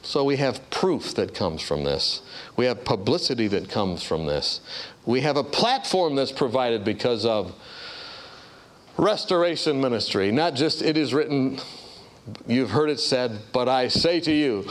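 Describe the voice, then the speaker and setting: A man preaching a storytelling sermon, acting out the voices of the people in his stories. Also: measured pace. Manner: animated storyteller, acts out voices with big pitch jumps.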